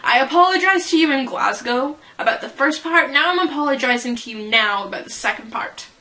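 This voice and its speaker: A woman's voice: high-pitched, expressive, a little fast, bright, forceful tone, rough recording. A young woman vlogging casually as a fan, rambling and giggling at herself. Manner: giggly, rambling, self-deprecating. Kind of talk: casual chat.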